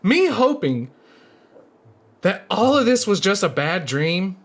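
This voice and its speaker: A young man telling a personal story in casual speech, laughing through parts and dropping to a hush in tense moments. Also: high-pitched, slow pace. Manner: laughs through the story, swings from excited to hushed.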